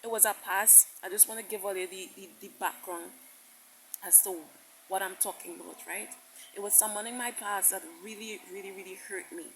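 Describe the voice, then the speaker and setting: A woman's voice: medium pitch, fairly even intonation, brisk, fairly bright tone, a little hiss or hum, low-quality recording. A woman preaching a sermon message with passion, repeating herself, stammering into restarts and quoting God at length. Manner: impassioned, repetitive, quotes God at length.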